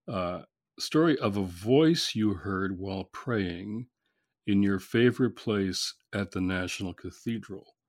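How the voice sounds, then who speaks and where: Slow low-voiced man interviewer. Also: no room sound, clean studio sound. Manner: measured, hesitant with fillers. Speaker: interview host, reverend. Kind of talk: interview questions.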